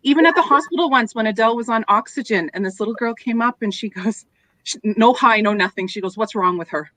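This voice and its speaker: A woman's voice: on the high side, fast, pushed and bright, dry recording, rough recording. Chatty middle-aged woman sharing anecdotes. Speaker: co-host. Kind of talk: casual panel chat.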